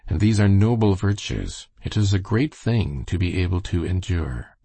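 A man's voice: low-pitched, very animated, normal speed, vocal fry, warm tone, breathy edge, dry recording, heavily acted. A man voicing an earnest, sermonizing minister in a storybook reading. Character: earnest middle-aged male minister.

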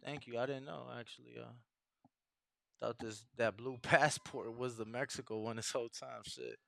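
A man co-hosting a boxing call-in podcast, chatting in a relaxed way. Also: mid-range voice, normal speed, gravelly, no echo. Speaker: podcast co-host. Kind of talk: casual boxing call-in show chat.

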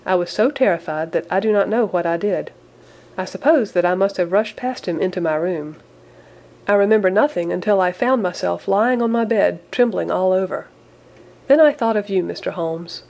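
A woman with a lower-pitched voice reads a classic tale in the first person. Her storytelling is measured and expressive, and she steadily builds suspense through the narration. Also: creaky. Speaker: audiobook narrator.

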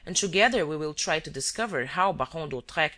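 A reader voicing a male detective who is cool and relentless, laying out accusations calmly and evenly. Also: medium pitch. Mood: measured. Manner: calm, measured accusations.

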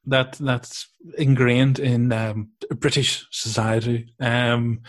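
A man's voice: mid-range voice, steady tone, measured pace. A man with a mid-range voice muses aloud in an easygoing chat. He wanders through his points, hedging and restarting as he goes. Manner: rambling and reflective, hedging with lots of restarts. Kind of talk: casual chat.

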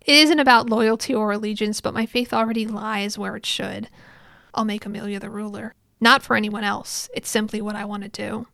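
A woman's voice: mid-range voice, steady tone, fairly quick, creaky, bright, forceful tone, no room sound, clean studio sound. A woman reading as an earnest young hero.

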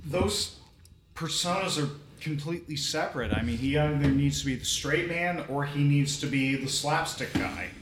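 Deadpan man over clear noise. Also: a little high, moderate pace. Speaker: podcast co-host. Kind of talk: casual movie discussion. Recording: roomy sound with clear background noise.

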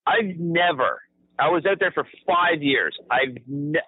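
A man's voice: fairly high pitch, a little slow, slightly rough. A man from Ontario co-hosting a podcast, chatting casually, swearing freely and laughing often as he tells stories. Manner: profane, laughs often, animated storyteller. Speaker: podcast co-host. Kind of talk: casual chat. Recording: tinny phone-like audio.

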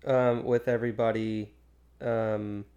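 A man chatting casually on a podcast, relaxed and thinking aloud. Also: fairly low pitch, slow, smooth, dull audio. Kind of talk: casual chat.

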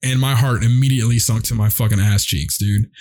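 A man's voice: medium pitch, fairly even intonation, brisk, darkish tone. A young man telling a rambling, profane story in a casual chat with friends, full of fillers.

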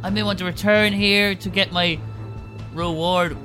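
A man's voice: high-pitched, steady tone, a little slow, music in the background, voice pushed up. A man playing a smarmy flirty showman. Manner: smarmy, laying on charm. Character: boastful, flirty male traveling performer.

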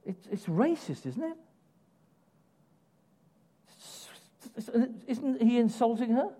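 A man preaching a sermon in an animated way, putting questions to the congregation. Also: extremely high pitch, slow. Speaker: pastor.

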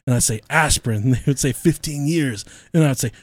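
A man's voice: mid-range voice, fairly quick, dry recording. A man hosting a casual podcast, telling stories in a crude, laughing manner with lots of swearing. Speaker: podcast host. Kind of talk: casual storytelling chat.

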